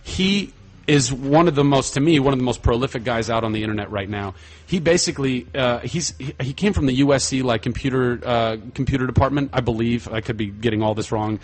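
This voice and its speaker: A man chatting casually as a podcast guest, enthusiastic and animated, often trailing off into fillers. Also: mid-range voice, brisk. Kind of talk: casual chat.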